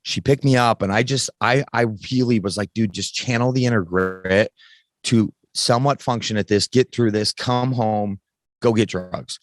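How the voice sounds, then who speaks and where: A man's voice: on the low side, normal speed, no echo. A man in his thirties, a podcast guest, telling a candid personal story in casual, frank talk that swears freely and often restarts its sentences.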